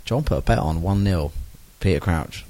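A man trading dry, sardonic remarks in a casual podcast chat. His voice sits very low. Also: normal speed, mellow. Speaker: podcast co-host.

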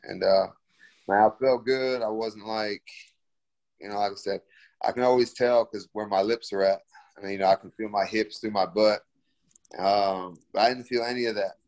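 A man's voice: on the low side, steady tone, normal speed, darkish tone. A young man, a fighter, answering interview questions in a laid-back, slangy way full of fillers.

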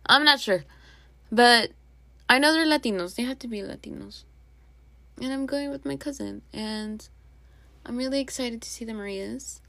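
A woman's voice: a little high, normal speed, creaky, long pauses, bright, forceful tone, no room sound. A young woman hosting a casual solo podcast, rambling and chatty with plenty of asides. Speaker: podcast host.

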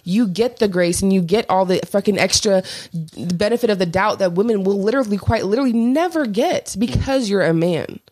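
A woman's voice: mid-range voice, brisk, darkish tone. A young woman co-hosting a podcast, arguing her point in a heated debate with emphatic, punchy declarations. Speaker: podcast co-host.

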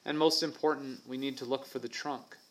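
A man voicing a bold, resourceful young girl who talks in a brisk, practical, commanding way. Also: mid-range voice, fairly even intonation, fairly bright tone, natural voice. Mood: firm.

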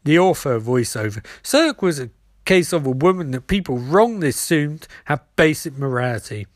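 A man reading a screenplay aloud, stage directions included, with frequent slips. His voice sits a little high. The recording is dry, with no room sound. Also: expressive, moderate pace, dry recording. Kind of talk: screenplay read-through.

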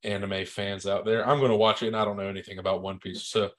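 A man's voice: on the low side, flat delivery, fast talker, crowd noise. A man co-hosting a movie podcast, talking in a laid-back, matter-of-fact casual chat. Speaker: podcast co-host.

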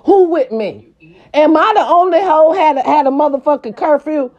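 A woman, hosting a casual monologue and scolding her viewers in a brash, profane way, with her voice jumping high for emphasis. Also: moderate pace, darkish tone. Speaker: host of a talk segment. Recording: slightly dull lo-fi sound.

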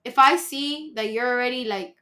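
A woman's voice: on the high side, moderate pace, sharp tone. A woman who works as a restaurant server, chatting casually as a podcast guest about handling drunk customers. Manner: chatty, explains plainly, frequent fillers.

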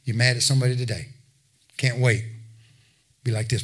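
A man's voice: mid-range voice, fairly even intonation, a little fast, a bit bright, slightly rough. A man preaching a sermon, talking plainly with his listeners and building to emphatic exhortation. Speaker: pastor.

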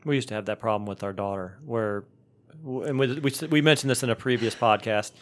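A middle-aged man co-hosts a podcast, chatting casually and rambling with frequent restarts. His voice is mid-range and brisk.

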